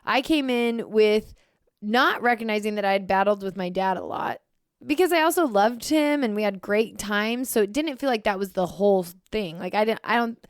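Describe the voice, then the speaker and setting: Podcast co-host woman, smooth clear voice, thoughtful and open, dry close mic. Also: mid-range voice, normal speed, dry recording. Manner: reflective, candid storytelling. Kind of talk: casual conversation.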